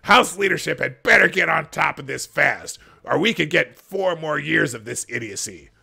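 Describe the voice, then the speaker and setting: A man putting on the voice of a pompous politician who blares every sentence with indignant self-importance. The voice swings lively up and down, with a gravelly edge underneath. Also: on the high side, moderate pace, pitched above the performer's own voice, exaggerated voice. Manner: loud, over-the-top proclaiming. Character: pompous ranting male politician.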